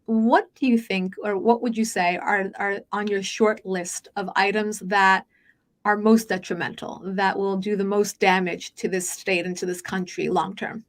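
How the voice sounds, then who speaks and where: A woman hosting a podcast interview, talking fast and chatty with many fillers and restarts. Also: mid-range voice, steady tone. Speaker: podcast host. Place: Los Angeles.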